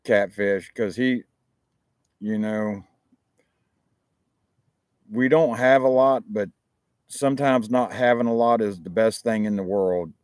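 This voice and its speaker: A man's voice: lowish voice, slow pace, pauses often, a little mellow, no room sound, clean studio sound. A man with a Southern American accent hosting a rambling, casual live talk show, chatting informally with frequent restarts. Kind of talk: casual live-stream chat. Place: outdoors, chilly.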